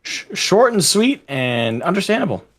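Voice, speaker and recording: A man's voice: high voice, big pitch swings, normal speed, fairly bright tone. A man reading a short war story aloud, then joking crudely and swearing. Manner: swears casually.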